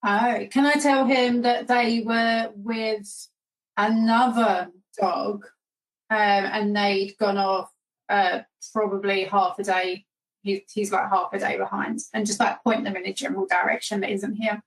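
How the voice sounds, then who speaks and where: A woman's voice: medium pitch, fairly even intonation, unhurried, poor audio. A woman playing a tabletop role-playing game, describing her character's actions hesitantly with many fillers. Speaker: player.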